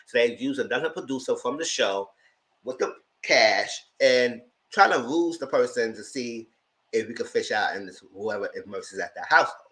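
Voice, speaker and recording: A man's voice: medium pitch, moderate pace, low-quality recording. Man retelling a TV episode. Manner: animated storytelling, acting out quotes. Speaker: TV show reviewer. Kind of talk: casual TV recap commentary.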